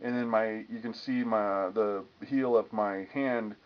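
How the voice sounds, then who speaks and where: A man's voice: lowish voice, fairly even intonation, measured pace. A man giving a casual guitar lesson, explaining strumming patterns and humming the rhythms as he demonstrates. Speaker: guitar teacher. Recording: lo-fi with guitar playing.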